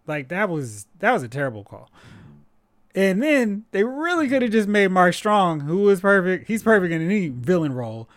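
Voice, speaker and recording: A man with a somewhat high voice co-hosts a podcast and talks in an animated, opinionated way. His recording is dry, with almost no room sound. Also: dry recording. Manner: animated, opinionated, quick asides. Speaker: podcast co-host. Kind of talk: casual chat.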